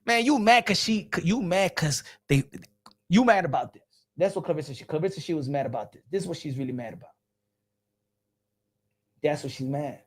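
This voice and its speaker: A man hosts casual boxing reaction commentary, animated and repetitive, slangy, laughing often and calling his viewers folks. His pitch is fairly high, and he talks briskly but pauses often.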